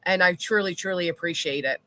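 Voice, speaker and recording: Bright-voiced chatty woman livestream host. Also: fairly low pitch, brisk, no echo. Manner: chatty, rambling, reads chat aloud. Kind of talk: casual livestream chat with viewers.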